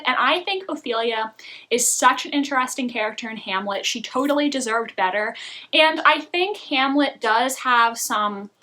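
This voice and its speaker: A woman's voice: on the high side, bright, forceful tone. A young woman vlogging casual TV reviews, chatty and opinionated, laughing often as she talks. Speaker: book and TV vlogger.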